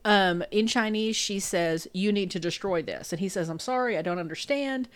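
A woman's voice: mid-range voice, moderate pace. A woman co-hosting a podcast, casually recapping a movie scene by scene and laughing often. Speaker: podcast co-host.

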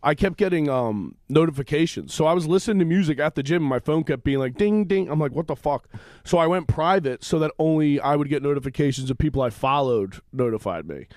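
A man's voice: on the high side, quick pace, no echo. A man, a comedian guest, telling stories in a casual podcast chat with lots of swearing and mimicked voices. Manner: profane, animated storytelling with mimicked voices.

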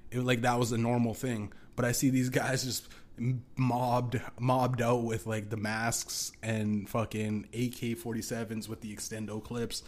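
A man's voice: mid-range voice, level tone, unhurried, a little hiss or hum. A young man hosting a solo podcast, ranting casually with lots of swearing, restarts and laughing asides. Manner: profane, rambling, laughing asides.

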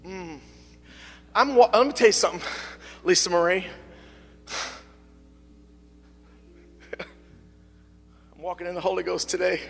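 A middle-aged man preaching a sermon as pastor, swinging from fervent shouting to quieter, conversational talk. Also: high-pitched, takes it slowly, creaky, pauses often, big-room sound. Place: church sanctuary, at the pulpit.

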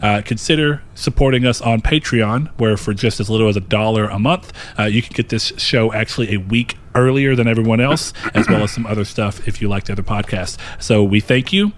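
A man's voice: fairly low pitch, brisk, hardly any pauses. A man hosting a casual podcast, reading housekeeping notes in an upbeat, rambling way with fillers. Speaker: podcast host.

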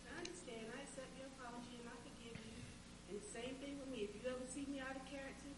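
A caring, fast-talking coworker , played by a woman, speaks in a high voice and checks on a friend with gentle reassurance. She is heard from a distance in an echoey room. Background noise is clearly audible. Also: fairly even intonation, a crowd in the background, natural voice. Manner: gentle, reassuring, advice-giving. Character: concerned, caring female coworker. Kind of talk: amateur church skit acting. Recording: echoey room, mic from afar, noisy.

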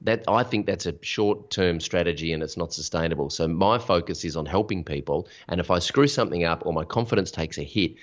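Deep-voiced man telling frank stories. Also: brisk, few pauses. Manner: frank, storytelling, motivational. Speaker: podcast guest. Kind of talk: candid interview conversation. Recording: dull lo-fi sound.

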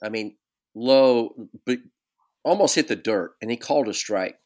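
Animated man telling stories. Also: mid-range voice, measured pace. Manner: animated storyteller who breaks into laughter. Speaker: podcast host, former ballplayer. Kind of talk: casual storytelling chat.

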